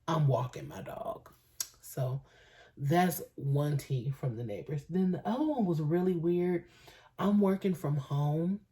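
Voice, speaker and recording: Casting: young woman, low warm voice, AAVE, chatty storytime vlogger. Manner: animated gossipy storytelling, acts out quotes. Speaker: beauty vlogger. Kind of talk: casual storytime chat. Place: home, indoors.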